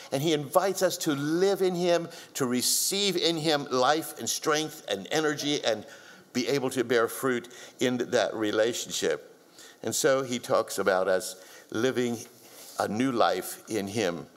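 A man preaching a sermon in an earnest way, building up to strong emphasis. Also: medium pitch. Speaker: pastor.

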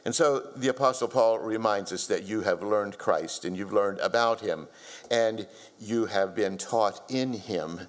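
A man's voice: lowish voice, a little slow. A man preaching a sermon in an earnest way, building up to strong emphasis. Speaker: pastor.

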